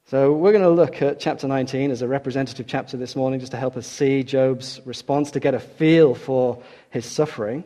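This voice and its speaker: A man's voice: mid-range voice, brisk, dark tone. A man preaching a sermon as a preacher in a church, earnest and emphatic, repeating key words for stress.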